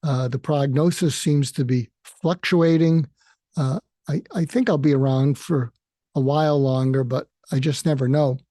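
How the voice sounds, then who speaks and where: A man's voice: medium pitch, steady tone, mellow, dry recording, clean studio sound. A man hosting his own podcast, speaking in a reflective monologue that halts often with fillers and restarts. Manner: halting, with frequent fillers and restarts. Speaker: podcast host and therapist.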